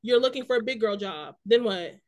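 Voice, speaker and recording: A young woman with a high, bright voice, co-hosting a casual podcast. She talks emphatically and animatedly, leaning hard on her points. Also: expressive, a little fast. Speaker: podcast co-host. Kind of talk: casual chat.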